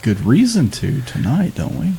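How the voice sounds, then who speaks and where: A man's voice: medium pitch, wildly swooping pitch, normal speed, vocal fry, warm tone, slightly rough. A man co-hosting a casual podcast who throws in crude jokes. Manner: joking, crude interjections. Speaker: podcast co-host. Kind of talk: casual chat.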